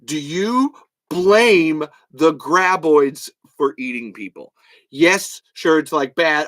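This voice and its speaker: High bright-voiced man ranting. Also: animated, no echo. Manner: fast, profane, ranting with loud bursts. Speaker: podcast host. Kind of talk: solo podcast rant reading comments.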